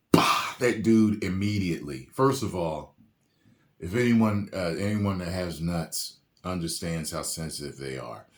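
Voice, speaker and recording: Deep-voiced man riffing with laughs. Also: roomy sound. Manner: animated, laughs often, jokey asides. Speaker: reaction video host. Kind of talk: casual reaction commentary. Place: home room with a printer.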